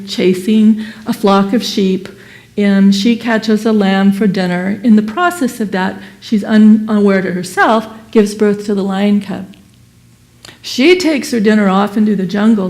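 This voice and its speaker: A woman giving a Sunday service sermon and telling a parable in an animated, expressive way. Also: mid-range voice. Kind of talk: sermon with storytelling.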